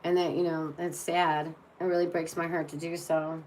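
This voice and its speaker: A woman with a fairly low voice hosts a tarot live stream in loose, casual chat. She talks bluntly and with some exasperation, restarting her sentences often. Faint background noise sits under her voice. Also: flat delivery, moderate pace, darkish tone, low-quality recording.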